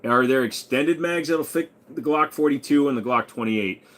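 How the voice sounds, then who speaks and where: A man's voice: medium pitch, moderate pace, fairly bright tone. A man hosting a casual live stream, reading viewer questions aloud and answering offhand from his room at home. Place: home room with a gun wall.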